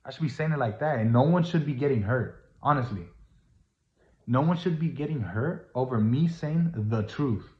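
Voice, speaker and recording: Man vlogger, preachy and earnest, mid-pitched, roomy dull lo-fi recording. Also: moderate pace. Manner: preachy, earnest, repetitive, rising to emphatic. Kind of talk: casual monologue.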